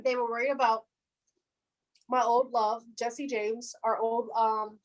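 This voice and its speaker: A young woman in her twenties chats about football on a casual podcast. Her voice sits somewhat high, and she talks in a loose, animated way, laughing often. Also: a little slow, low-quality recording. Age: 20s. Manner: fan of the team, says "our defense". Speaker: podcast co-host. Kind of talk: casual sports chat.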